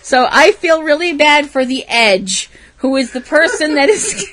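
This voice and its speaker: A woman's voice: high-pitched, lively intonation, a little slow, fairly bright tone, slight background noise. A woman co-hosting a casual talk show, telling a story with lots of laughs and animation. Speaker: podcast co-host. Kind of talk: casual chat.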